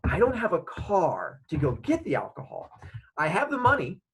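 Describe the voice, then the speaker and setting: A man's voice: sits high, wildly swooping pitch, normal speed, slightly rough, full character voice, rough recording. A man quoting a reckless, pushy young male college partier in an eager, wheedling way. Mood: coaxing.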